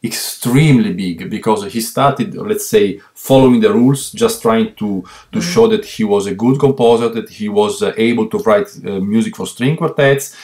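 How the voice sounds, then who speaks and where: A man with an Italian accent, speaking English as a second language, answers interview questions in a fairly low voice. He talks haltingly, with many fillers and restarted words, as he works out each thought. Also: darkish tone. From Italy. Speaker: guest violist. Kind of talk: interview over a remote line.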